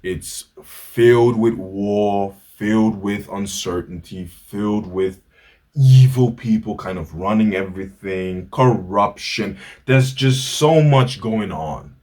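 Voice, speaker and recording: A man's voice: fairly low pitch, slow pace, a little mellow. A man talking to camera in an earnest, reflective monologue, telling a story and asking rhetorical questions. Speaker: vlogger. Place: indoors, Hamburg.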